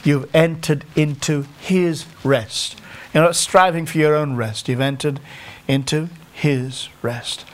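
Conversational preacher with a Staffordshire accent. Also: male voice, fairly high pitch, fairly even intonation. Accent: English, North Staffordshire. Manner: conversational, self-deprecating, with halting restarts. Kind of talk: sermon.

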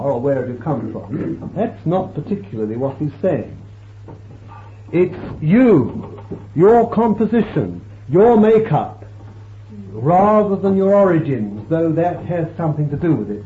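A man with a high-leaning, sing-song voice preaches a sermon, quoting and explaining scripture. He is emphatic and slow, with dramatic swells and drops, on a tinny lo-fi recording with faint hiss.

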